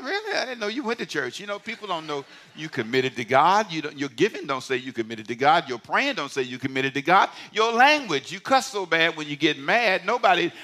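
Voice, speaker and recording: A male pastor preaching in a church, his voice bright and forceful and a little higher than most men's. He swings between loud, emphatic outbursts and quiet, confiding asides, talking to the congregation like he's chatting with them. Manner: animated preaching, swinging from shouts to near-whispers, conversational asides. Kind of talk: sermon. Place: church sanctuary.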